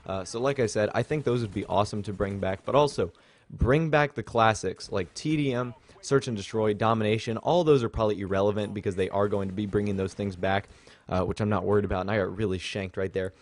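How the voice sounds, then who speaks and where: A young man talks over his gameplay footage in a loose, rambling way, full of fillers and asides. His voice sits a little low. He sounds like a regular channel host chatting with his viewers. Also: fast. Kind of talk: gameplay commentary.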